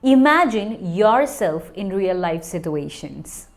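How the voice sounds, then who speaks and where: A woman's voice: mid-range voice, sing-song, takes it slowly. A woman teaching English, speaking directly and encouragingly to learners in a casual way.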